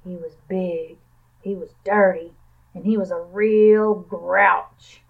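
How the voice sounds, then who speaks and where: A woman librarian reading a children's picture book aloud in a calm, even storytelling manner. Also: lowish voice, slow pace, vocal fry. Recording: tinny phone-like sound.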